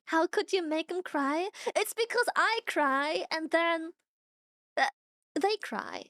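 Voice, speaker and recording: A young woman streaming, chatting casually with viewers, animated, swearing often and laughing a lot. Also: very high voice, slow pace, no room sound. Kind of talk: casual chat reacting to viewers.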